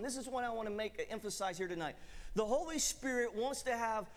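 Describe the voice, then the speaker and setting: Animated high-voiced man preaching. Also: a little fast, long reverb tail. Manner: animated storytelling, acting out voices. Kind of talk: sermon with personal testimony.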